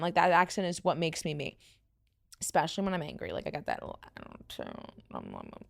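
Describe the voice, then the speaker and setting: A woman's voice: lowish voice, wildly swooping pitch, fast, vocal fry. A young woman with a New York accent, hosting a casual podcast, tired and rambling, laughing often. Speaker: podcast host. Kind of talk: casual chat.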